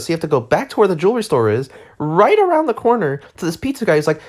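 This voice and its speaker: A woman with a low-pitched voice rants through casual game commentary. Her delivery is exasperated and sarcastic, and she rambles as she talks. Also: sing-song, rapid-fire, hardly any pauses, a little mellow. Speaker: gaming video creator.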